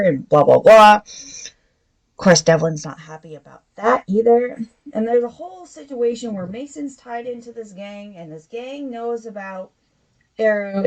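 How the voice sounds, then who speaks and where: On her casual book review podcast, a woman retells a plot in a rambling way, packed with fillers. Her voice is medium-pitched, and the audio quality is poor.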